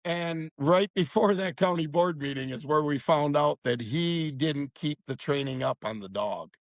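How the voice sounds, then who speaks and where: A man's voice: a little high, measured pace, no room sound. Blunt, profane man in his fifties. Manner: blunt, profane, heated storytelling. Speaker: podcast guest. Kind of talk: casual storytelling chat.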